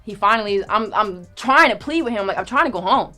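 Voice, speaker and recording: A young woman telling a story in casual chat, animated and profane, acting out what people said. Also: mid-range voice, brisk, faint music behind. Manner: animated, profane, acts out quoted lines. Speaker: storyteller guest.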